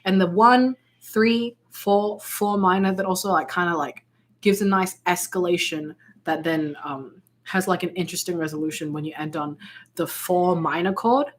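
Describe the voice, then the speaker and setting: A woman's voice: lowish voice, normal speed, a little hiss or hum. A woman giving a casual ukulele lesson, rambling and restarting often, with many fillers as she explains chords. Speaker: ukulele tutor. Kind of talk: casual music tutorial. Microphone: ukulele played alongside.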